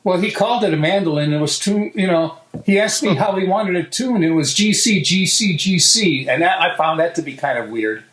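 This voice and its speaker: A middle-aged guitar maker, a man, telling lively stories in an interview, acting out what others said and laughing often. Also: sits high, a little fast, hardly any pauses, rough recording. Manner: animated anecdotal telling, acts out quoted voices, laughs often. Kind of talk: storytelling interview.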